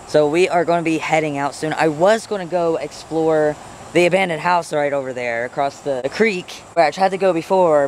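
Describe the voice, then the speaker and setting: A young man with a fairly high voice chats into a handheld phone camera outdoors, rambling and earnest. Faint crickets and the odd passing vehicle sit behind him. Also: a little hiss or hum. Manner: rambling and earnest, voice jumps high when talking to pets. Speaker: vlogger. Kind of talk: casual vlog talk. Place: outdoors by a house and garden.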